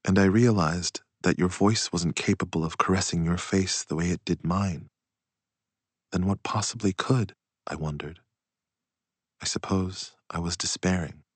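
A man reading a literary story aloud in a slow, hushed and reflective way. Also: low-pitched, dry recording. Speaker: audiobook narrator. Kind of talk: literary audiobook narration.

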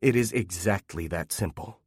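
A man voicing a cold, contemptuous wife and mother who speaks with a cutting, terrifying calm. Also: deep voice, moderate pace, husky, dry recording, studio quality.

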